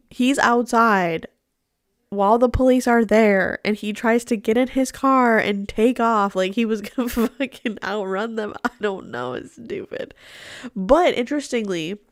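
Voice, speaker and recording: A woman's voice: medium pitch, no room sound. Stuffy-nosed woman, dry close sound. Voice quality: nasal, stuffed-up. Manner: blunt, swears often, laughs while talking. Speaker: true crime livestream host. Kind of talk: casual livestream recap.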